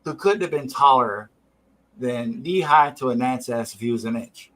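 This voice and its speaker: A man's voice: mid-range voice, moderate pace, low-quality recording. A man hosting a drawing stream, telling a rambling story with casual swearing. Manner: rambling, profane, animated. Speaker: stream host.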